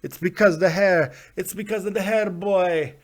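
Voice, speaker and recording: A man doing a brash, loud mock-Jamaican hype man who barks out his lines well above his usual pitch. He's boastful and calls everyone boy, as a vlogger puts him on. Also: moderate pace. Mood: boisterous swagger. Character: swaggering man with a put-on Jamaican patter.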